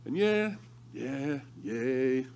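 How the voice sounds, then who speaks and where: A male pastor preaching a sermon through lively, humorous storytelling. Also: medium pitch, extremely slow. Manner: animated, humorous storytelling with laughter.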